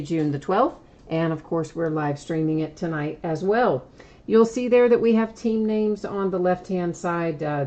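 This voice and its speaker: A woman hosts a live stream card break, chatting casually, explaining shipping details at length, and laughing at herself now and then. Her voice is mid-range with a darkish tone.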